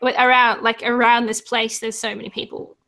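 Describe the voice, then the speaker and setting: A woman's voice: fairly high pitch, flat delivery, a little fast, creaky, bright, forceful tone. A woman running a tabletop game as game master, chatting hesitantly with plenty of fillers and voicing townsfolk.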